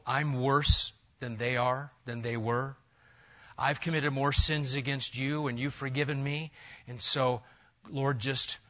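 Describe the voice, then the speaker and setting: A man's voice: medium pitch, bright, forceful tone. A man preaching a sermon as pastor, building his points in emphatic rising lists. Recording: dull lo-fi sound.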